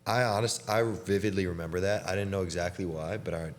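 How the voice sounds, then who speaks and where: A young man with a very deep voice hosts an easygoing talk with a fellow player. He speaks loosely and chattily, laughs easily and drops plenty of "dude"s, over a faint background hum. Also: fairly even intonation, fairly quick. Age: young adult. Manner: laid-back, chatty, laughs often, says "dude". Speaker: podcast host and college basketball player. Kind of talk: casual chat between teammates.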